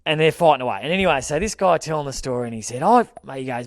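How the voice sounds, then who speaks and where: A man's voice: mid-range voice, fast talker, hardly any pauses, dry recording, studio quality. An Australian man co-hosting a podcast, telling a long rambling story in casual chat. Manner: rambling anecdotes, laughs while telling. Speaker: podcast co-host.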